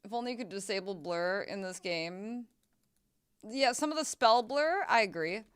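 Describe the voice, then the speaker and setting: Streamer type: young woman, chatty and loose, mid-pitch, smooth clear voice, desk mic. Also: lively intonation, moderate pace. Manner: chatty, swearing, laughing, exclamations. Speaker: game streamer. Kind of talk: casual gameplay chat.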